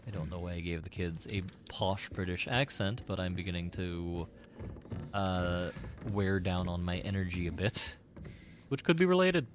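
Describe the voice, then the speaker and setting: A man's voice: deep voice, animated, moderate pace, slight background noise. A man casually commenting while playing a game on stream, rambling with many "like" fillers and side remarks.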